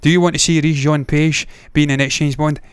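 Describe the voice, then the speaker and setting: A man's voice: fairly high pitch, little pitch movement, brisk, smooth, no room sound. A man hosting a movie news livestream, giving blunt, opinionated takes with frequent swearing. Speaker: movie news show host. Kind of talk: casual livestream commentary.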